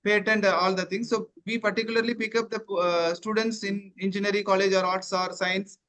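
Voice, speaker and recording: A man with a notably high voice introduces a guest during an online event. He speaks formally but hesitantly, leaning on filler sounds. He is heard through a video call. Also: level tone, a little fast, fairly bright tone, rough recording. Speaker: event host.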